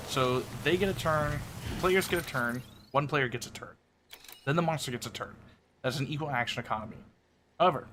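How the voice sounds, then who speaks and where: A man streaming live, explaining tabletop game rules in a blunt, casual way, swearing and clearing his throat often. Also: medium pitch, sharp tone, slight background noise.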